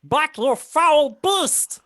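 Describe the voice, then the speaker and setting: A man voicing a small, cowardly but blustering male kobold in a tabletop game, shouting in a shrill high voice. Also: lively intonation, drawn-out words, dry recording, studio quality, exaggerated voice. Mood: shrill defiance.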